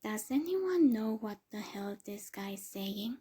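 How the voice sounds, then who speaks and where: A woman's voice: sits high, a little slow, warm tone, pitched above the performer's own voice, exaggerated voice. A woman whispering the lines of a blunt, impatient young man in a whispered role-play story reading. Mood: brash. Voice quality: breathy whisper.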